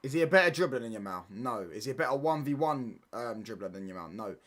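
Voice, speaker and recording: Bright-voiced young guy streaming footy. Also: mid-range voice, lively intonation, quick pace. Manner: casual banter with slang, stop-start restarts. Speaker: football watchalong streamer. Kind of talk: live stream chat reading comments.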